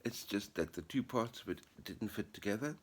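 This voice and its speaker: Deep-voiced man chatting in a vlog. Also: lively intonation, moderate pace, a little hiss or hum. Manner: chatty, upbeat, rambling. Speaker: vlogger and writer. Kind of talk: casual vlog to camera. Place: apartment living room.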